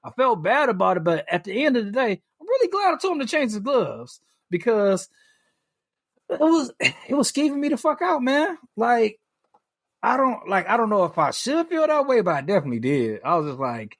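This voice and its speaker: A man on a podcast, telling a story in casual chat, animated, full of fillers and restarts, swearing freely. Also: extremely high pitch, normal speed, no echo, clean studio sound. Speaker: podcast co-host.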